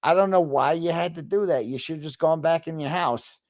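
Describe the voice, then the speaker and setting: A man's voice: on the high side, brisk, dry recording, clean studio sound. A man telling a story with a lot of swearing, in a casual chat over a video call. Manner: animated storytelling, frequent swearing. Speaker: guest.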